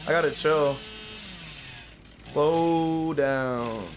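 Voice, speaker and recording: A man with a high voice rambles through casual gameplay commentary, full of fillers, profanity and frustration. Steady noise sits behind his voice. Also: very slow. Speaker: streamer playing a killer.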